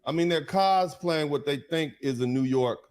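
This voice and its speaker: A man's voice: fairly high pitch, normal speed, a little mellow. A man co-hosting casual commentary, laid-back and chatty, checking in with listeners.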